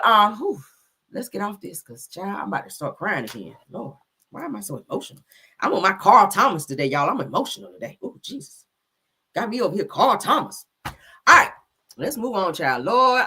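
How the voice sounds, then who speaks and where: A woman's voice: mid-range voice, sharp tone, breathy edge. A woman hosting a livestream gossip show, telling stories theatrically and peppering them with cries of Lord and Jesus. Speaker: gossip channel host.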